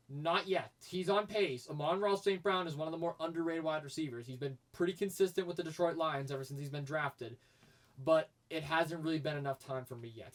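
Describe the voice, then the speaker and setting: A man co-hosting a casual sports podcast, talking in an excitable, animated way. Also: fairly high pitch, distant mic. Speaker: co-host.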